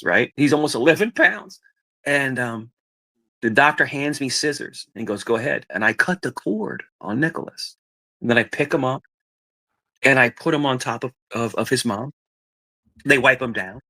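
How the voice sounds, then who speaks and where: A middle-aged man with a medium-pitched, bright, forceful voice rambles through stories as a podcast guest. In this casual chat about his family, he repeats himself and acts out the voices of people he quotes.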